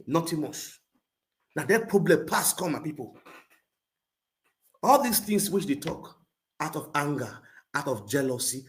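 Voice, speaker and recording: A man with a Nigerian Pidgin accent tells a story as an animated rant. His voice sits at an ordinary middle pitch. He swings from loud outbursts down to low, muttered asides. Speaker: social media livestreamer.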